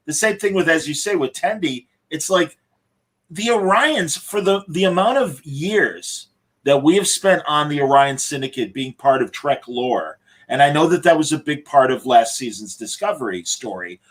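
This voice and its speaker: A man's voice: fairly high pitch, lively intonation, moderate pace, poor audio. A man co-hosting a podcast, rambling enthusiastically through a fan critique in casual chat. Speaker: podcast co-host.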